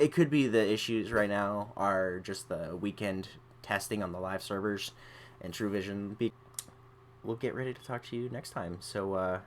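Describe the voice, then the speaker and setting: Young dude hosting a gaming chat, lowish voice, rambly and laid back. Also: male voice, a little hiss or hum. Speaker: podcast host.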